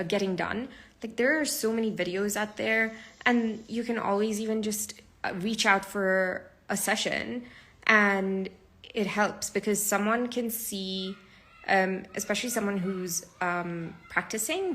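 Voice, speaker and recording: A woman's voice: medium pitch, fairly bright tone. A sleep-deprived woman hosting her podcast from a live stream, talking casually and chattily with plenty of fillers. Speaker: podcast host.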